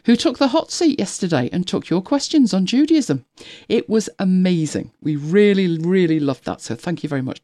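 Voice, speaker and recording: A chatty middle-aged woman hosts a live stream, her voice lower than most but swinging widely in pitch. She rambles warmly and laughs often. The sound is close and dry, with no room echo. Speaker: livestream host. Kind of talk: casual live-stream chat.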